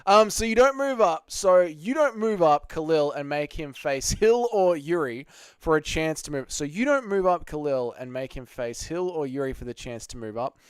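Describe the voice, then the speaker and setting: A man's voice: fairly high pitch, expressive, moderate pace, clear, resonant tone, no room sound. A man hosting a casual livestream, reading chat comments aloud and arguing back. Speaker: livestream host answering chat.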